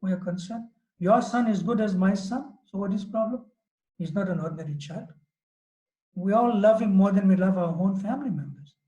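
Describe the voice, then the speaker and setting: A man's voice: sits high, brisk, dark tone, echoey room, lo-fi sound, natural voice. A man voicing a concerned elder brother, an older cowherd man, speaking earnestly. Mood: urging.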